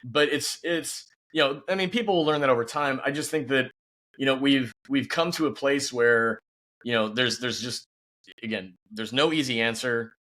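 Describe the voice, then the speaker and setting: A man's voice: mid-range voice, moderate pace, a bit bright. A man speaking as a guest and company founder in a casual podcast interview, upbeat and peppered with "you know".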